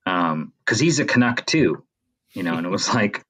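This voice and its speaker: A man's voice: on the low side, big pitch swings, unhurried, long pauses, fairly bright tone. A Canadian-born man co-hosting a podcast in casual chat, rambling with many fillers and restarts. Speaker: podcast co-host.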